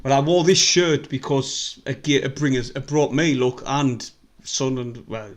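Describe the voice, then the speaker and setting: A man's voice: mid-range voice, normal speed. Chatty North East English man streaming. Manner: rambling, chatty, swears freely. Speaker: football fan live-streamer. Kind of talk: casual live-stream chat.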